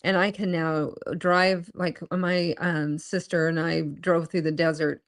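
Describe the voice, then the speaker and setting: Lower-voiced woman telling a personal story. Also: little pitch movement. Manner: earnest, storytelling with halting restarts. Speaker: podcast co-host. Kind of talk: casual chat, personal storytelling.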